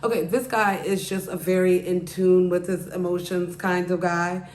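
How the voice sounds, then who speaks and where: A woman's voice: lowish voice, flat delivery, moderate pace, darkish tone, slight background noise. Rambling woman podcast host, echoey room. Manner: rambling, heavy use of "like" and "you know". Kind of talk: casual storytelling.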